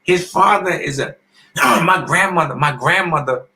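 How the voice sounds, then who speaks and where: A man in his fifties, a former boxer and podcast guest, telling animated stories in a casual interview and often clearing his throat. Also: a little high, measured pace, low-quality recording. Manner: animated storyteller who acts out quoted voices.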